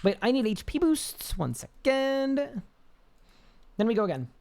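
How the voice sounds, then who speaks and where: A man with a high-pitched voice, chatting casually on a live game stream, reading chat aloud and rambling with restarts. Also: big pitch swings, a little slow, gravelly, darkish tone.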